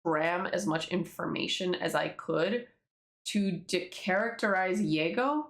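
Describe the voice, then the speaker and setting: A woman's voice: on the low side, vocal fry. Rambling, casual woman in a roomy space. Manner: rambling, swearing, laughing asides. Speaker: webtoon creator. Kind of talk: casual commentary reading a comic. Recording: roomy echo.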